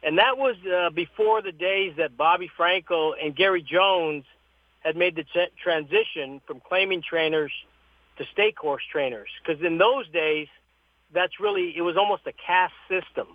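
A man, a horse trainer, telling stories as an interview guest in a lively way, acting out the people he quotes. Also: sits high, moderate pace, dry recording. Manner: lively storyteller who acts out the people he quotes. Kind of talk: storytelling interview. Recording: tinny phone line.

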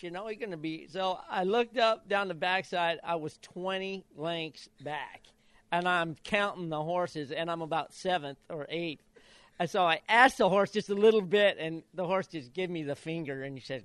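A man's voice: fairly high pitch, moderate pace, clear, resonant tone, no echo. A man in his sixties from Idaho, a retired jockey telling stories in an interview and acting out the quotes. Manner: lively anecdotal, acts out quotes. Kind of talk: storytelling in an interview.

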